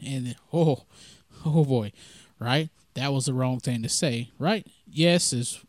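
Southern male podcast host, folksy rambling storyteller, mid-pitched voice, dry close mic. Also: unhurried, no room sound. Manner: folksy, rambling, with many fillers. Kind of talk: casual storytelling monologue.

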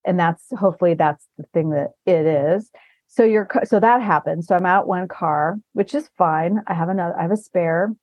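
A woman's voice: fairly low pitch, moderate pace, no echo. A woman podcast host telling rambling anecdotes in a casual chat, often laughing as she talks. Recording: dull dry lo-fi recording.

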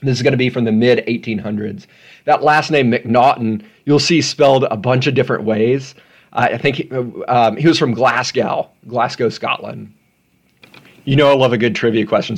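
A man's voice: medium pitch, moderate pace. A man hosting a solo podcast at home, talking casually with rambling, self-deprecating asides. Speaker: podcast host.

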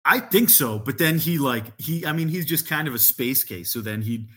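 A man's voice: medium pitch, animated, normal speed, pushed and bright, breathy edge. A man, a podcast guest, telling a rambling story in casual chat, full of "like" and frequent laughter.

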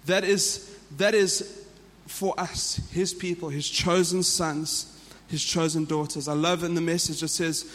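A man's voice: a little high, fairly even intonation, a little slow, few pauses, fairly bright tone, big-room sound. A man with a South African accent, preaching a sermon to a church in an earnest way that often repeats and restarts phrases. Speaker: pastor.

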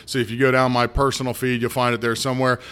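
A man's voice: medium pitch, little pitch movement, quick pace, a bit bright, smooth. A middle-aged man from the United States hosting a casual solo podcast, blunt and ranting, with many asides and restarts. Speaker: podcast host.

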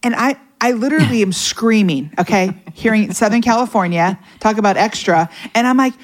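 A middle-aged woman telling a personal story in casual conversation, animated and emotional. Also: mid-range voice, brisk. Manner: animated, emotional, acts out quoted voices. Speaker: podcast guest.

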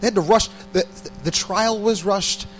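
A man's voice: sits high, normal speed, soft background music, rough recording. A man and parent giving a casual, conversational sermon, often repeating words and putting questions to his listeners. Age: adult parent. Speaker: preacher.

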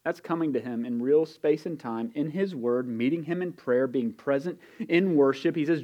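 A man's voice: a little high, moderate pace, hardly any pauses, warm tone, muffled recording. A man preaching a sermon in an earnest way, repeating key phrases and building intensity as he goes. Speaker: pastor.

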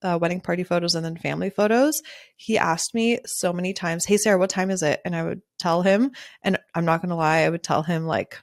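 A woman's voice: on the low side, steady tone, brisk, dry recording, studio quality. A woman hosting a casual solo podcast as a wedding photographer, talking candidly and chattily, laughing often and swearing freely.

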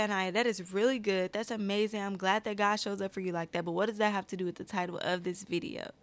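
Animated woman reading scripture, lilt. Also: mid-range voice, dry recording. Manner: animated, reads scripture aloud with rising emphasis; speaks with her hands and addresses viewers as y'all. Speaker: Christian video creator. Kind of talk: personal Bible-study talk to camera.

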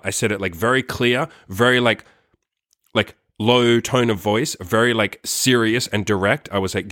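A man's voice: on the low side, fairly even intonation, normal speed, fairly bright tone, no echo, clean studio sound. Profane rambling man telling a story. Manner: rambling, profane, heavy use of "like". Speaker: vlogger. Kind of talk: casual storytelling.

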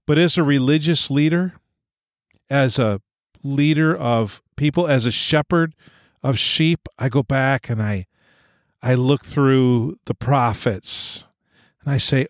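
Earnest pastor reflecting in a sermon. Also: male voice, medium pitch, unhurried, dry recording, clean studio sound. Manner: earnest, searching, reads scripture with rising emphasis. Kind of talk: sermon reflection reading scripture.

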